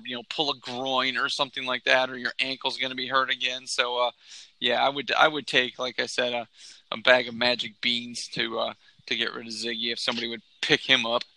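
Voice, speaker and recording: A man hosting a casual sports talk show, his voice gravelly and sharply bright. He rambles through his takes with plenty of fillers and restarts, recorded dry and close. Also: medium pitch, no room sound, low-quality recording. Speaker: podcast host.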